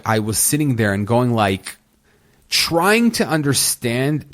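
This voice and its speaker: A man hosts a solo review podcast at his own unhurried pace. He rambles through his points with restarts and fillers and sounds exasperated. His voice sits in an ordinary middle pitch. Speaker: podcast host.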